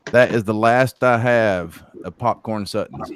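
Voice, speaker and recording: A man's voice: lowish voice, a little slow, clean tone. A man chatting jovially on a livestream, laughing often and saying y'all. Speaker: livestream guest. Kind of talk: casual livestream chat.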